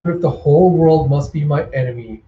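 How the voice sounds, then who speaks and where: A man voicing a resolute young cyborg heroine who speaks calmly and earnestly, in a roomy home recording. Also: fairly high pitch, moderate pace, far from the mic, narrow, tinny audio, a little hiss or hum, lightly acted. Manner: calm, earnest.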